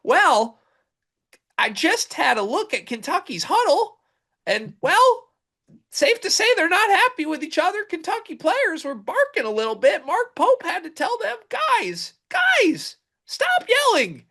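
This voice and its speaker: A breathless, squeaky-voiced sideline reporter, put on by a man in a deliberately bad impression. The pitch is pushed far up and swoops wildly with the over-the-top delivery. It plays as a self-mocking sports talk bit. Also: huge pitch swings, pushed and bright, full character voice. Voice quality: exaggeratedly high, squeaky delivery.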